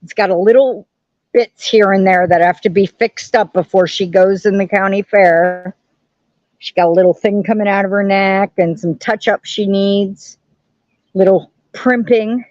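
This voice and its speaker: Slow-talking woman chatting on a live stream. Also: mid-range voice, steady tone, darkish tone, no room sound, dull audio. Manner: chatty, greets viewers by name. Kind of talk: casual live stream chat. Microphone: camera on tripod.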